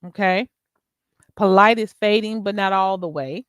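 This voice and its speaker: A woman's voice: mid-range voice, measured pace, clean tone, dry recording, studio quality. A middle-aged woman hosting her own vlog, talking in an emphatic, exasperated, preachy way. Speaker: YouTube channel host. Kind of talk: casual vlog rant.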